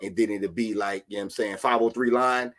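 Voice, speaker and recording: Animated, profane man, bright voice. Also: on the low side, a little fast. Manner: animated, profane, jumps to shouting in bursts. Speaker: podcast co-host. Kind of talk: casual chat.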